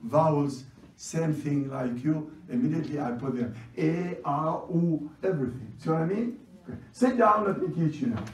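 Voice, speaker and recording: A man whose first language is Chaldean Aramaic teaches a class in a brisk, commanding way and repeats his instructions. His voice sits fairly high. He is heard from a distance in an echoing classroom with faint noise behind him. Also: lively intonation. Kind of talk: classroom lecture. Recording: roomy, distant classroom recording.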